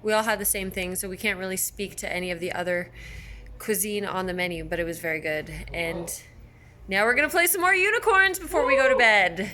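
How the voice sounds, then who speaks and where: A woman's voice: medium pitch, a little fast, sharp tone. Chatty woman vlogging casually. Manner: chatty, rambling, with restarts and laughs. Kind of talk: casual vlog chat to camera.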